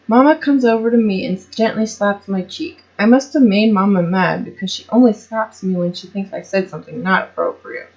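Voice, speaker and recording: A woman's voice: mid-range voice, normal speed. A woman reading her own first-person story aloud, tripping over words and restarting lines, in a slightly muffled recording. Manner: stumbles and restarts often, comments on her own slips. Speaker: amateur storyteller.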